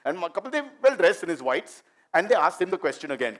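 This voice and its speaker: A middle-aged man with an Indian English accent tells stand-up stories at a brisk clip. His voice sits a little high for a man. He talks in a lively, chatty way and keeps teasing his audience. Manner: animated, chatty, teases the audience. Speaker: stand-up comedian. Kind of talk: live stand-up storytelling.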